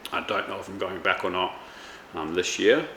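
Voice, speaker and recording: Speaking at a moderate pace, this man in his thirties has a low, bright, forceful voice. He's a chef and vlogger having a casual, rambling chat full of fillers and restarts, recorded in an echoey space with faint noise.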